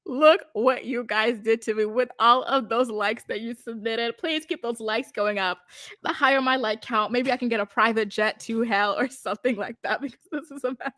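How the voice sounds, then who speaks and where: A woman's voice: on the high side, moderate pace, pushed and bright, dry recording. A young woman chatting to her livestream viewers as she recaps a reality show, giggly and dramatic, talking into a close mic. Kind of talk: casual livestream commentary.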